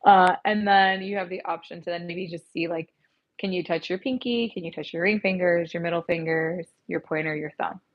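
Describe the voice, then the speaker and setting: Gentle woman guiding a yoga class. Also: on the low side, moderate pace, lo-fi sound. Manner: gentle, calm cueing with soft encouragement. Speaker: yoga instructor. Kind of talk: guided yoga class instruction. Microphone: earpiece mic.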